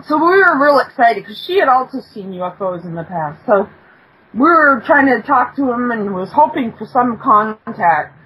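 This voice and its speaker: A woman telling a story in casual talk, halting, with many fillers. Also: on the high side, animated, fairly bright tone, slightly rough, rough recording. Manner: halting, with many fillers, takes corrections from her husband. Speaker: guest, storyteller.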